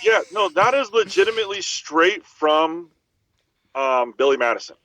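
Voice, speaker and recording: Animated man telling movie scenes. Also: on the high side, normal speed, slight background noise, rough recording. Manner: animated storytelling, acts out quotes, swears freely. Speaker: podcast co-host. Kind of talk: casual chat.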